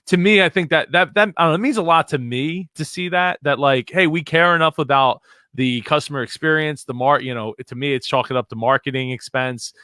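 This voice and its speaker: A man's voice: a little high, a little fast, pushed and bright, no room sound, studio quality. A man hosting a podcast in casual chat, talking with enthusiasm and many restarts. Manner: chatty, lots of restarts, enthusiastic. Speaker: podcast host.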